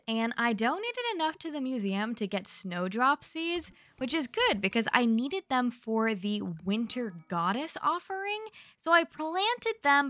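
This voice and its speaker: A young woman narrating a recap of her gameplay in a chatty, gushing, animated way, close to the microphone. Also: on the high side, no room sound. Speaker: gaming YouTuber.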